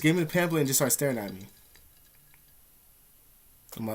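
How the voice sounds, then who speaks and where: A man's voice: mid-range voice, animated, moderate pace. A young man vlogging from an indoor room, telling a story in a rambling, profane, streetwise way. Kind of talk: casual storytelling to camera.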